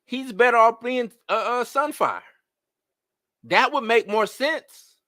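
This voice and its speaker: Live-stream host, man, bright high voice, exasperated rhetorical rant, dry close sound. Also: slow, no room sound. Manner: animated, rhetorical questions, exasperated. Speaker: host of a live movie-news show. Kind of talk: casual live-stream commentary.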